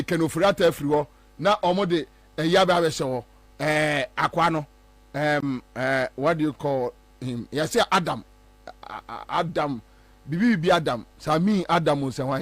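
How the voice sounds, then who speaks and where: A Ghanaian man giving animated political commentary, mixing Twi and English and mimicking other people. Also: a little high, dry recording.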